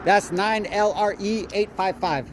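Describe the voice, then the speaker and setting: A worn-out man rambles profanely at the passing cars, his voice sitting a little high. He spells plate numbers out slowly, with a confrontational edge. Loud street traffic runs under his phone recording. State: tired. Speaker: vlogger filming cars on the street.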